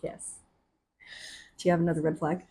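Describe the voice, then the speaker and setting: A young woman co-hosting a podcast, telling stories in a lively way, acting out what people said and laughing often. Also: low voice, a little fast. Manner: animated, acts out quotes, laughs often. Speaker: podcast co-host. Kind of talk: casual chat, storytelling.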